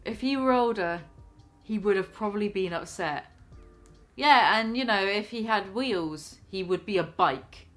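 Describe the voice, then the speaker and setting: A woman's voice: mid-range voice, a little slow, a bit bright, soft background music. A British woman vlogger reading out a news story and online comments and mocking them, swearing freely and laughing often. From Britain.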